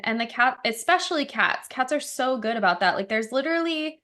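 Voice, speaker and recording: A woman's voice: high voice, expressive, a little fast, few pauses, bright, forceful tone. A woman co-hosting a casual podcast chat, telling stories in a chatty way with lots of "like" fillers. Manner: chatty storytelling with frequent "like" fillers. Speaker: podcast co-host.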